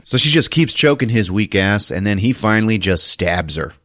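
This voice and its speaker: A man's voice: on the low side, sing-song, measured pace, long pauses, a bit bright, dry recording, clean studio sound. A man hosting a podcast, retelling a movie casually, laughing often and acting out the characters' lines. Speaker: podcast host.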